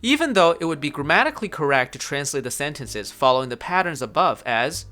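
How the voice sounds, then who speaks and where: A tutor whose first language is Chinese, explaining grammar in a clear, scripted lesson narration. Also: medium pitch, very animated, fast, pushed and bright, soft background music. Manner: clear, explanatory teaching delivery.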